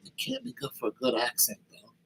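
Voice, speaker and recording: Casual male music producer, talks himself through each choice, music loud underneath. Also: mid-range voice, very animated, brisk, creaky, poor audio. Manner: thinking aloud, self-critical, casual slang. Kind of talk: casual tutorial commentary. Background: music playing.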